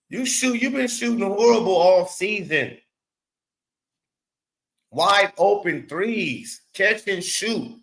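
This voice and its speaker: A man's voice: high voice, a bit bright, low-quality recording. A man hosting his own show, giving casual basketball commentary in blunt, profane, exasperated rants and repeating words for emphasis. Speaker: sports show host.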